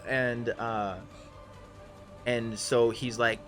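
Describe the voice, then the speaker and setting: Halting man running a tabletop game. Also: medium pitch, steady tone, fairly bright tone, soft background music. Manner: halting, many ums and restarts. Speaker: game master. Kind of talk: narrating a live tabletop game.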